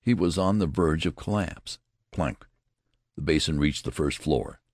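A man narrating an audiobook in a measured, expressive storytelling manner. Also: rumbling low, dry recording, studio quality.

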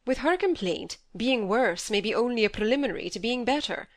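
A woman reading aloud, voicing a calm, matter-of-fact middle-aged male doctor in a storybook. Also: on the high side, a little fast, dry recording, clean studio sound, pitched above the performer's own voice. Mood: measured.

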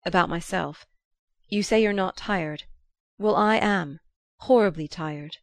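A woman's voice: fairly low pitch, a little slow, no echo. A woman reading aloud who voices a tired young husband, speaking in a clipped, restrained way. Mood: weary. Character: weary young husband, tense and reserved.

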